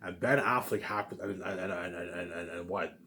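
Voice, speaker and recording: A man pitching his movie ideas in a rambling, casual monologue, stumbling over restarts, repeating stock phrases and swearing now and then. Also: moderate pace, bright, forceful tone. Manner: repetitive, stumbling restarts, keeps saying "you know what I'm saying" and "obviously".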